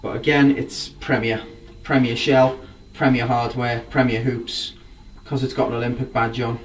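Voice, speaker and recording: A man with a mid-range voice and flat delivery speaks at a moderate pace, casually showing off his drum collection with rambling enthusiasm. It's a laid-back show-and-tell, recorded from a distance with faint background noise.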